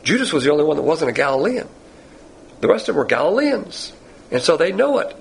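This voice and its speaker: A man's voice: fairly high pitch, very animated, quick pace, gravelly, breathy edge, poor audio. A man teaching verse by verse through a Bible passage to a class, in a folksy, digressive and conversational way. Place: Bible class with listeners present.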